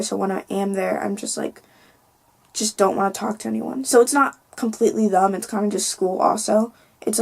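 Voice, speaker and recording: Teenage girl, casual vlog, venting, exasperated, lots of fillers, gravelly voice, phone camera. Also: mid-range voice. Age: teens. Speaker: vlogger.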